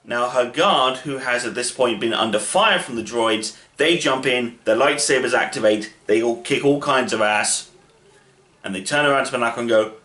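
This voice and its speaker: A man's voice: medium pitch, normal speed, bright, forceful tone. A man casually retelling a story in his own way, chatty and rambling, with asides and fillers. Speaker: channel host. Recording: roomy echo.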